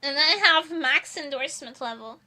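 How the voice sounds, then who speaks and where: A woman's voice: sits high, normal speed, bright, forceful tone. A young adult woman streaming, chatting casually in a self-mocking way and swearing freely. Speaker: vtuber streamer.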